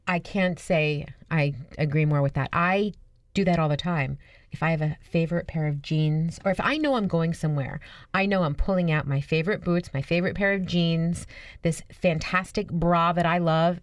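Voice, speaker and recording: A woman co-hosts a casual radio show and talks about style in a chatty, enthusiastic way. Her voice sits fairly low for a woman. The sound is close and dry. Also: normal speed, dry recording. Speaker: radio show co-host, image consultant.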